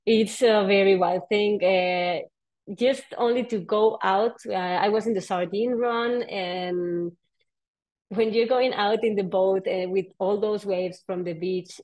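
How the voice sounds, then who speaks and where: A woman underwater photographer telling dive stories in a lively, casual talk, laughing often. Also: medium pitch, rough recording. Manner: animated, laughs often, playful quoted voices. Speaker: underwater photographer giving a presentation.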